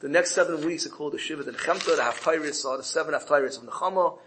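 A man with a fairly high voice teaches a Torah lesson. He tells a parable in a storytelling way and lifts his voice when he quotes the characters. He often repeats words and restarts phrases as he goes. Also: rapid-fire, a bit bright, slight background noise, low-quality recording.

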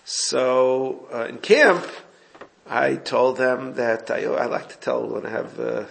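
A man's voice: medium pitch, takes it slowly, creaky, a little hiss or hum. A man giving an informal Torah class, explaining a text and recounting exchanges with his students. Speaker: Torah teacher.

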